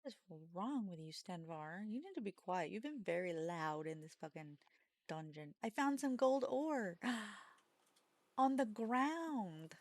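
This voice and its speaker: A woman's voice: mid-range voice, expressive, slow pace, dry recording. A woman live-streaming a game from home, chatting casually, self-mocking and swearing freely.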